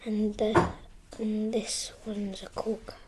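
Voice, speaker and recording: A woman's voice: mid-range voice, level tone, slow, heavy background noise, lightly acted. A woman in whispered role-play voicing a cheerful, boastful male pirate captain with a wheedling salesman's patter. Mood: scheming.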